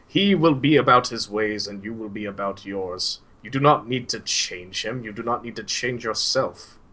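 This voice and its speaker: A man voicing a kind, frail old male teacher who hunches over a cane, speaking slowly and gently chiding. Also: fairly low pitch. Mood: earnest.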